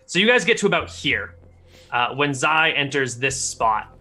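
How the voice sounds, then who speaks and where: Bright-sounding guy narrating a tabletop game. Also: mid-range voice, normal speed. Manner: descriptive, steady narration of scenes. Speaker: game master.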